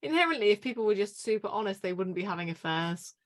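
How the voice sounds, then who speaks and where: A woman's voice: medium pitch, lively intonation, fast. A woman co-hosting a casual podcast, offering wry, opinionated takes at an easy conversational clip. Her voice sits in the ordinary middle range for a woman. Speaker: podcast co-host. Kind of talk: casual chat.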